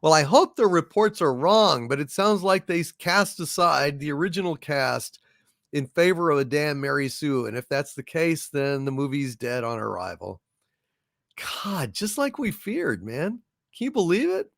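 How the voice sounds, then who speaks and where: A man's voice: on the high side, animated, normal speed, creaky, fairly bright tone, dry recording, clean studio sound. A man hosting a live stream, thanking viewers and reading out their donation messages in a grandiose, rambling way with many repeated words. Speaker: channel host.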